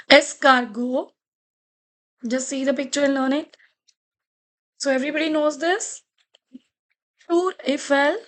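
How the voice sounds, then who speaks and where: A woman with an Indian English accent, teaching a beginners' French lesson to children, repeating each word slowly and coaxing the class along. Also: high voice. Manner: slow, repeats words and coaxes students.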